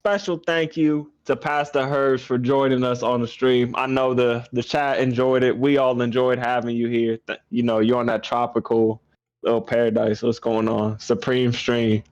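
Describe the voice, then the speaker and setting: A man's voice: medium pitch, flat delivery, moderate pace, darkish tone, no room sound, muffled recording. A man hosting an esports podcast in casual chat, teasing the guests and laughing through his stories. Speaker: podcast host.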